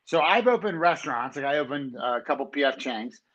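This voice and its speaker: A man's voice: on the high side, expressive, fairly quick, a bit bright, lo-fi sound. A man hosting an interview, telling stories in a loose, chatty way. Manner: loose, chatty storytelling with lots of "like" and "you know". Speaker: podcast host. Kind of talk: casual interview.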